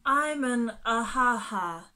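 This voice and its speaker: A woman voicing a fed-up wasp with a silly name, loud and emphatic as it insists. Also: on the high side, animated, takes it slowly, voice pushed up, exaggerated voice. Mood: weary.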